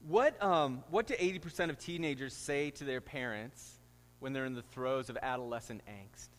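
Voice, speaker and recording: A man's voice: medium pitch, normal speed, a bit bright, long reverb tail. A middle-aged man, a pastor, preaching a sermon and telling stories with rising, emphatic delivery. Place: church sanctuary.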